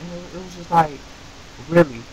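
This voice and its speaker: Animated, profane young man telling a story. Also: a little high, moderate pace, slight background noise, low-quality recording. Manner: animated, profane, rants with rhetorical questions. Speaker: vlogger. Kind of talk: casual storytelling to camera.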